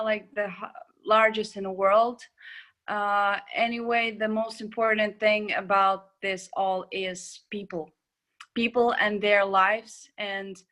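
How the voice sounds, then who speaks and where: Slow, hesitant young woman student. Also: mid-range voice, pushed and bright. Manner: thoughtful, hesitant, with many fillers. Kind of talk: student comment in online discussion. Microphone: video call.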